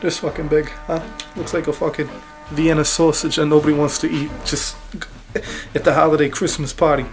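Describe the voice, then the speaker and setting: A man reviewing colognes in a crude, taunting comedic rant, with a raspy, worn-out voice. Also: a little high, little pitch movement, a little fast, faint music behind. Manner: profane, taunting, rhetorical "huh?"; raspy, losing his voice. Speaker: fragrance reviewer.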